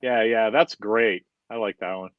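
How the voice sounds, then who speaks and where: A man's voice: lowish voice, fairly even intonation, a little slow, no room sound, phone-quality sound. A man co-hosting a podcast in casual chat, joking and teasing his co-host.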